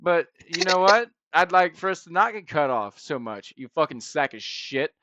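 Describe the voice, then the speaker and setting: A young man co-hosting a podcast, telling stories in a loud, animated, profane way. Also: on the high side, normal speed, no echo, muffled recording. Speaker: podcast co-host. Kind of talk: casual chat. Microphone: podcast mic.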